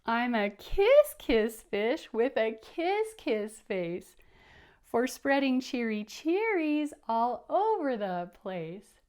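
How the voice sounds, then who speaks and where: A woman's voice: on the high side, big pitch swings, slow pace, exaggerated voice. A woman voicing a glum, pouting male fish in a picture book read-aloud, reciting his lines in a rhyming sing-song. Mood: cheery.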